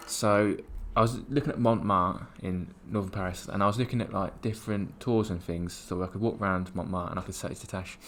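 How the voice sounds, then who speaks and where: Casual male co-host, quick talker with a low-leaning voice, rambles through stories. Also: a little hiss or hum. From England. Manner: animated, rambling anecdotes with many restarts. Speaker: podcast co-host. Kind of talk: casual storytelling chat.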